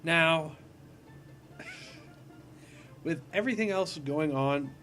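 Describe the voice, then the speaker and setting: Faint music plays behind a man whose bright, forceful, higher voice swings hugely in pitch while he talks extremely slowly. He hosts a casual let's-play of a puzzle platformer, goofy, rambling, and self-deprecating.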